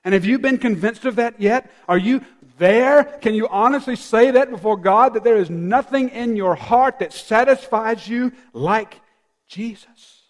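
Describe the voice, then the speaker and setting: A man preaching a sermon emphatically, swinging from loud peaks down to hushed, near-whispered lines. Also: very high-pitched, unhurried, in a large hall. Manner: emphatic, rising and falling dynamics, dropping to near-whispers.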